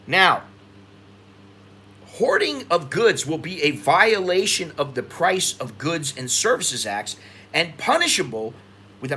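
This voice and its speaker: An American man talks loosely to his livestream audience and vents his frustration. His voice is bright and forceful and sits a little high for a man, and it climbs further when he gets agitated. Faint background noise sits under the voice. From United States. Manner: frustrated venting, rising in pitch when agitated. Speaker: expat livestream host. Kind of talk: casual livestream commentary.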